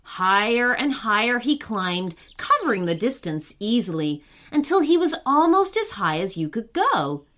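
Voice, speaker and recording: A woman narrating a scripted bedtime story for children in an expressive storybook reading. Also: fairly high pitch, unhurried, few pauses.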